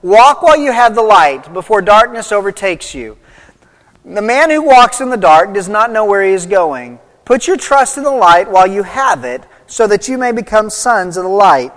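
A man's voice: high-pitched, big pitch swings, moderate pace, a bit bright. A man preaching a sermon, reading scripture aloud and then explaining it with rising emphasis. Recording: long hall reverb.

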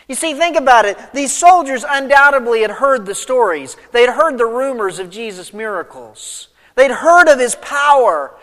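A man's voice: very high-pitched, a bit bright, in a large hall. A man preaching an expository sermon, retelling the story vividly and putting rhetorical questions to his listeners. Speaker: pastor.

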